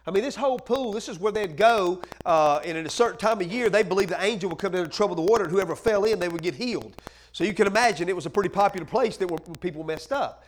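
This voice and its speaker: Fervent high-voiced male preacher. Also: fast talker, a little hiss or hum. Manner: preacherly, asks the crowd questions and answers them himself; drops to a hush at times, then builds up loud and fervent. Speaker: pastor. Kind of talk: sermon.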